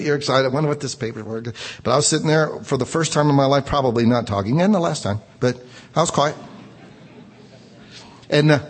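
A man tells a personal story in an earnest way, now and then rising to excited emphasis. His voice is husky and of average pitch. A long reverb hangs on every phrase. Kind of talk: personal story told aloud. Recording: reverberant room.

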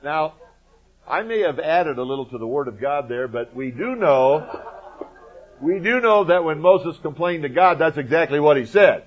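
A man's voice: fairly high pitch, lively intonation, moderate pace. Emphatic man teaching the Bible. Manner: emphatic, folksy asides to listeners. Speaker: preacher. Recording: muffled lo-fi recording.

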